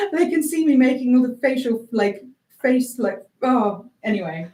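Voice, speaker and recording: A woman's voice: high-pitched, lively intonation, a little slow, a little mellow, recorded from a distance. A woman presenting a live radio show from a small studio, a native Afrikaans speaker chatting casually with callers and viewers and giggling often. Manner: chatty, giggly, self-deprecating. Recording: roomy sound from off-mic.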